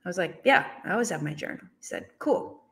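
A woman's voice: fairly low pitch, animated, racing, vocal fry, a bit bright. A woman in her thirties or forties telling a personal business story as a motivational speaker, acting out her own reactions with laughs.

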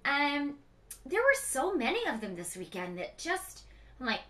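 A woman's voice: high voice, big pitch swings, normal speed, fairly bright tone. A middle-aged mother chatting frankly and emotionally in a casual home vlog. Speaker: beauty vlogger, mother.

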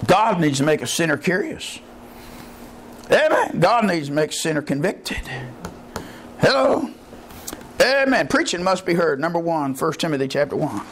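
Impassioned high-pitched preacher man. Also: very animated, measured pace, pauses often, slight background noise. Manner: impassioned preaching, rising to shouts, folksy grammar. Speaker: pastor. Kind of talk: sermon. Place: church.

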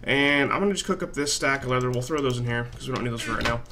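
Man, let's-play commentary, rambling, swears a lot, bright tense tone, desk mic. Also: mid-range voice, rapid-fire, a little hiss or hum. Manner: rambling, profane, self-mocking. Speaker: gaming channel host.

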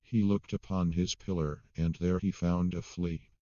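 A man reading a comic ballad aloud in a steady storytelling manner. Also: sits low, unhurried, dry recording, dull audio. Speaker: poetry reader.

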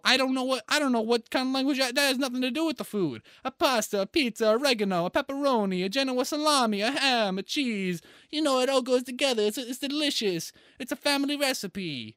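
In a comedic improv on a video call, a man plays a boastful Italian chef with a put-on Italian-American accent, rambling through lists of food and pleased with himself. His voice is very high-pitched and fairly bright, with clean studio sound and no echo.

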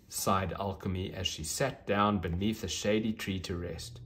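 A man reading a children's storybook aloud, gentle and expressive. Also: sits low, measured pace, slight background noise.

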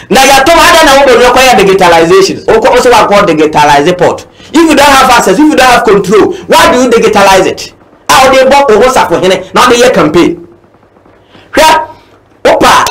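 A Ghanaian man with a high voice talks politics in a fervent, repetitive way, switching between Twi and English. He drives each point home again and again. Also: fairly bright tone, rough recording. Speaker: political commentator. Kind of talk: impassioned political talk.

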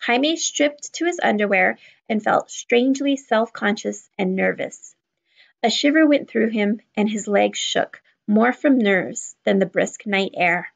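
A woman reading a children's novel aloud in a steady, even storytelling voice. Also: mid-range voice, vocal fry, muffled recording. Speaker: children's book reader. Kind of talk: read-aloud narration.

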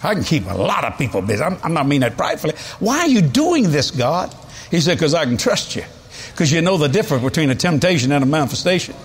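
Older man preaching, folksy storyteller, higher voice, lively pitch, faint room hum. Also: quick pace. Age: 70s. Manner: folksy storytelling, animated, chuckling. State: has a cold. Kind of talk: sermon.

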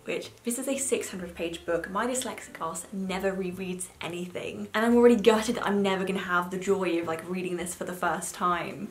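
A woman's voice: on the low side, moderate pace, few pauses. A young woman in her twenties chatting casually as a book vlogger, swearing freely and filling her talk with "like". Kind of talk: casual chat. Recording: echoey room with faint music.

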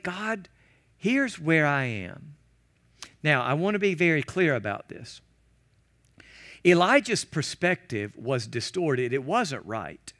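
Guest pastor, male, animated sermon delivery in a church, pitched a little high. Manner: animated preaching, acting out quoted prayers and shouts.

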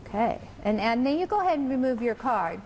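A woman teacher describes her school and guides students through experiments for a live TV segment. She talks in a brisk, instructive, encouraging way. Her voice sits a bit high, over faint background noise. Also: very animated, a little mellow. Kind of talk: explaining to a reporter on live TV. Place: middle school, indoors.

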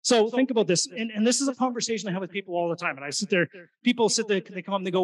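A man gives an energetic seminar talk to a live crowd, firing questions at the audience. His voice sits high for a man. He sounds some way off the microphone in a meeting room. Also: racing, hardly any pauses, recorded from a distance, poor audio. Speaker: real estate investing presenter. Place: meeting room at an investor event.

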